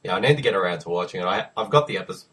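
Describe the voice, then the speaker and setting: A man co-hosting a casual chat, joking and bantering quickly. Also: low-pitched, lively intonation, fairly bright tone, slightly rough, far from the mic. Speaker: co-host.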